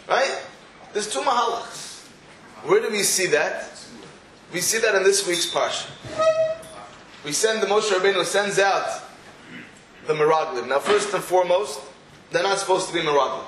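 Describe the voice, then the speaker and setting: A man with a notably high voice leads a Torah class, firing off rhetorical questions between stories. He sounds roomy and echoey, with a faint hum of ambience behind him. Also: moderate pace, pauses often, fairly bright tone. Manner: rhetorical questions, storytelling asides. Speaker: Torah teacher.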